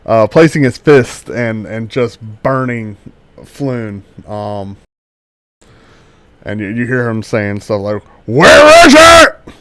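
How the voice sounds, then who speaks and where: A man narrating a tabletop game as game master, halting and full of fillers and restarts. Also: lowish voice, steady tone, clear, resonant tone, no echo.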